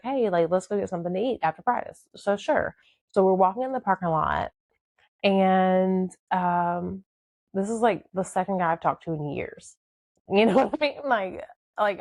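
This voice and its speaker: A woman's voice: on the low side, gravelly, darkish tone, no room sound. A young woman casually telling her own life story, candid and rambling, with many fillers. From southern United States.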